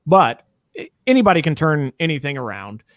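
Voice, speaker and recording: A man co-hosting a podcast in casual chat, joking and animated. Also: a little high, brisk, no room sound, clean studio sound. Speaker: podcast co-host.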